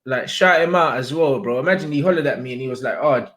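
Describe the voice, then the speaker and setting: A young man hosting a casual livestream, chatting in heavy slang and shouting out viewers. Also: medium pitch, fast. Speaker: livestream host.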